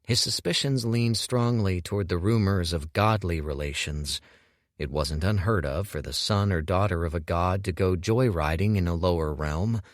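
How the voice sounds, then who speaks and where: A man narrating an audiobook with measured, expressive storytelling on a close studio mic. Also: low-pitched, no room sound. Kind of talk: scripted narration.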